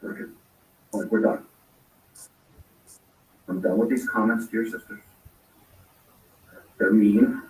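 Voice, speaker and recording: A man's voice: on the low side, fairly even intonation, unhurried, long pauses, darkish tone. A man telling a long personal story in casual talk, rambling and acting out the lines he quotes. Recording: roomy echo, distant from mic.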